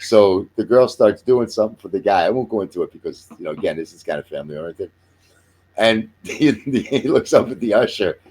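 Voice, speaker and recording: Husky man in his sixties chatting. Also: fairly low pitch, lively intonation, a little fast, darkish tone. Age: 60s. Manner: rambling storyteller, jokey, swears casually. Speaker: podcast host. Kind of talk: casual chat.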